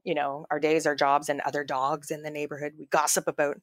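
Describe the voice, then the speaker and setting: A woman's voice: deep voice, level tone, fairly quick. A woman chats casually on a podcast, rambling through stories with frequent fillers and restarts. Her voice sounds dry and close, with no room echo. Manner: chatty storytelling with many fillers and restarts. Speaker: podcast co-host. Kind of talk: casual chat.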